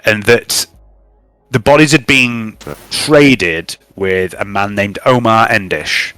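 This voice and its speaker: A man narrates a tabletop game as its game master, talking in a relaxed way with lots of ums and uhs. His voice comes across bright and clear, recorded dry and close with faint music underneath. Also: lowish voice, slow, dry recording. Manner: relaxed recap with frequent fillers.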